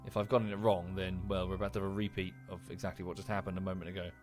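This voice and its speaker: A man's voice: sits low, flat delivery, very fast, faint music behind. A young man streaming a game, talking casually and mocking himself. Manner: chatty, self-mocking, coos baby talk at his dog.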